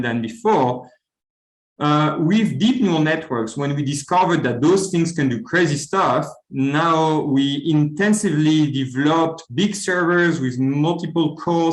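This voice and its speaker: A man with a mid-range voice delivers an academic seminar talk as lecturer, captured in a reverberant, low-quality recording. He speaks earnestly, often stuttering and repeating words while searching for them.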